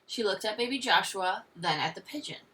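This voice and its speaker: A woman teacher reading a picture book aloud with expressive storytelling. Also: medium pitch, a little fast, far from the mic.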